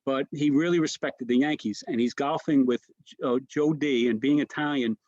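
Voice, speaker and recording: A comedian guesting on a casual interview tells animated anecdotes, often restarting sentences and tossing in "right?" asides. His mid-range voice moves at a normal speed on a dry recording with the highs cut off.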